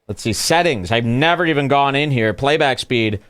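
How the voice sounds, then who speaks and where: Guy podcast host trashing clips, crude and rambling, smooth clean voice. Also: medium pitch, moderate pace, a bit bright. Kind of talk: casual commentary over clips.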